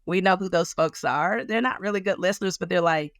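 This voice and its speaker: A woman counselor speaking in a conversational interview, animated and acting out other people's reactions as she explains. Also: fairly low pitch, fairly quick, no echo. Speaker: guest counselor.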